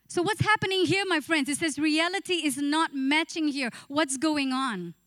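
A woman's voice: sits high, normal speed, few pauses, fairly bright tone, dry recording, clean studio sound. A woman preacher giving a passionate church sermon, acting out inner voices and speaking to the congregation. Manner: passionate, acts out inner voices, sings briefly.

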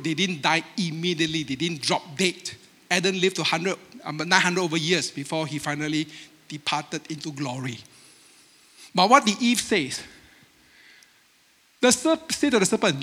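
A man preaching a sermon with Asian-accented English, animated and emphatic, acting out the voices he quotes. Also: on the high side. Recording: long hall reverb.

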